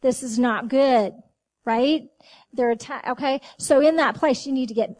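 High-voiced woman preaching animatedly. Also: measured pace. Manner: animated, talks to the audience, acts out dialogue with God. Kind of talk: sermon.

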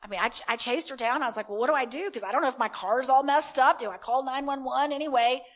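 Animated woman preaching, high-pitched. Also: fast. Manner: animated, conversational, breaks into fervent declarative prayer. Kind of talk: sermon with storytelling and prayer.

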